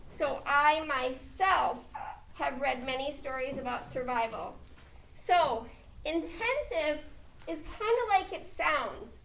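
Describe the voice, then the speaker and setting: A woman's voice: high-pitched, gravelly, fairly bright tone, slight background noise. A woman teaching a grammar lesson, checking in with "okay?" as she explains. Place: classroom. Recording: echoey classroom, mic far off.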